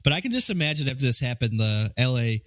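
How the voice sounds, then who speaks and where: Man, podcast co-host, lively swinging pitch, dry close mic, wry chat. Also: fast talker, no echo. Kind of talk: casual movie-review chat.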